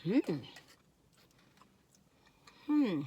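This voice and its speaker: A middle-aged woman chatting casually and excitedly as she taste-tests and reviews cookies, talking while she eats. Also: medium pitch, drawn-out words, slightly rough, highs cut off. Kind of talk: casual taste-test chat.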